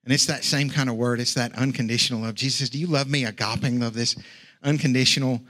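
A man preaching a sermon with passion, using casual asides, rising high and loud, then dropping low and hushed. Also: fairly even intonation, quick pace, dry recording, studio quality. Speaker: pastor.

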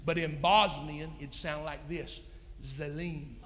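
A man's voice: medium pitch, normal speed, bright, forceful tone. A man preaching a sermon, telling a story in a folksy, plain-spoken way. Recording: long reverb in a hall.

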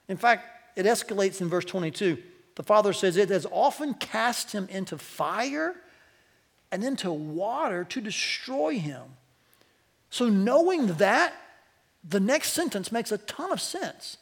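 A male pastor preaching a sermon to a church congregation, animated, his voice climbing as he quotes. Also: high voice, a little slow, creaky. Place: church sanctuary.

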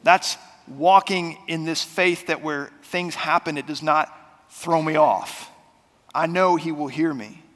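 A man preaching a sermon as pastor, talking in a conversational way that swings between loud and soft. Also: a little high, slow, long reverb tail. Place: church sanctuary.

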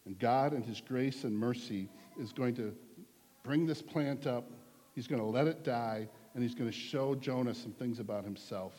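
Husky-voiced male pastor preaching in a hall. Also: medium pitch, normal speed, mellow. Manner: conversational and earnest, repeats for emphasis. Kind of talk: sermon. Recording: long hall reverb.

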